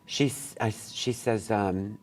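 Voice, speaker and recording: A man's voice: fairly low pitch, fairly even intonation, slow pace. A man leading a college poetry workshop, talking casually and candidly to students, with rambling asides and casual swearing. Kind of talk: casual, digressive workshop talk. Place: college classroom.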